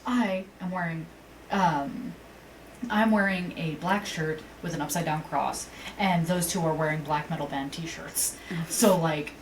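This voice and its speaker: A deep-voiced woman speaks at a measured pace as a podcast co-host, animatedly narrating a story in casual chat, acting out quotes and cursing. A distant mic adds a faint hiss.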